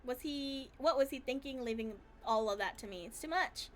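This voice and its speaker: A woman's voice: sits high, moderate pace, close to an everyday voice. A woman voicing a hesitant, flustered teenage girl. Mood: unsure.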